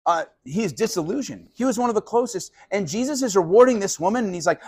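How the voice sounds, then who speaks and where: Husky-voiced pastor preaching casually. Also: male voice, high voice, fast talker, hardly any pauses. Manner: animated, casual, acts out quoted voices. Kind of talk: conversational sermon. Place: live sermon at a college venue.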